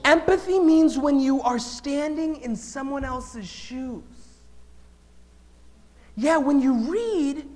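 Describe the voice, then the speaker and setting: An animated man giving a storytelling talk to children. He keeps turning to the kids with questions and swings from loud to hushed. His voice sits fairly high for a man. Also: slow pace, pauses often. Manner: engages the audience with questions. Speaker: speaker at a children's event.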